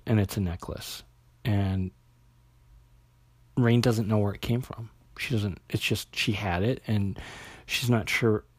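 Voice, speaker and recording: Husky low-voiced man recapping a comic. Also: no echo. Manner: halting, lots of fillers and restarts. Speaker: comic book reviewer. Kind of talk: casual plot recap.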